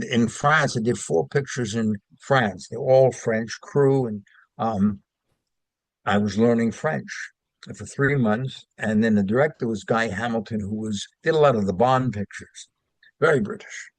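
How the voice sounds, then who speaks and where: A man's voice: lowish voice, no echo. Older New man telling stories. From Brooklyn, New York. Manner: rambling anecdotes with fillers and restarts. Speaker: guest. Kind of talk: casual interview chat.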